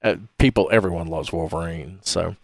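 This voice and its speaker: Low-voiced rambling podcast host, a man. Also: vocal fry, no echo, clean studio sound. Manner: rambling, halting, fumbles names. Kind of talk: casual podcast chat.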